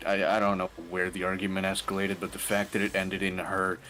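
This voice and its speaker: A young man streamer chatting casually, animated and quick to laugh. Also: sits low, slight background noise. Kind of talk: casual chat.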